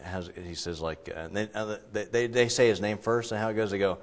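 A man's voice: lowish voice, fairly even intonation, fairly quick. A middle-aged man preaching a sermon as pastor, conversational and digressive, with frequent fillers. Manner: conversational, digressive, breaks into loud acted quotes.

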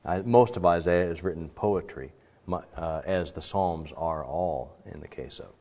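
A man preaching a sermon in a conversational, animated way, with frequent fillers and restarts. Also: low-pitched, a little slow, dull audio. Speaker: pastor.

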